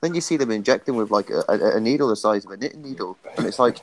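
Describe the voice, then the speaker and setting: A blunt, sarcastic man on a fight-night panel, speaking in a low voice. Faint background noise sits under his casual storytelling. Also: expressive, quick pace, poor audio. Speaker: MMA show panelist. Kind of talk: casual chat watching fights.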